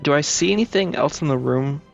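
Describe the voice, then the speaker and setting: A man playing a tabletop game, chatting casually and thinking aloud with hesitant pauses. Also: on the high side, creaky, lo-fi sound, soft background music. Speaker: player.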